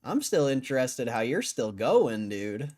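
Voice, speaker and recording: A man's voice: medium pitch, sing-song, unhurried, darkish tone. Guy live streaming, arguing w chat, cussing and chuckling, sounds tired from hours on air. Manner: argumentative, swears, laughs between lines. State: tired after a long stream. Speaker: livestreamer.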